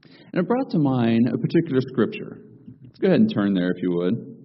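A man preaching a sermon, opening with folksy jokes and stories before slowing down to read scripture. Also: mid-range voice, very animated, dull audio.

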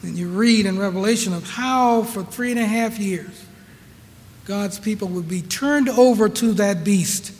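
A man preaching in a notably high voice, drawing out each phrase at a slow, deliberate pace. He leans on repeated rhetorical questions, and his words ring out with a long echo of the hall. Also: a little mellow, slight background noise. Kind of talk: sermon.

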